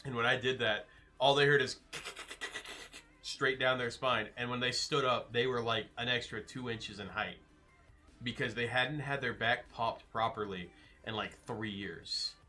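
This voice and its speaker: Bright-voiced man chatting casually with viewers. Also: mid-range voice, fairly even intonation, a little slow, soft background music. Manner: rambling, joking, reads out chat names. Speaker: streamer.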